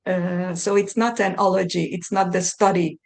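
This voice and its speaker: A middle-aged woman from Hungary with a Hungarian accent, a podcast guest talking thoughtfully and often pausing to find her words. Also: on the low side, little pitch movement, vocal fry. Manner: thoughtful, searching for words with many restarts. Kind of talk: conversational interview.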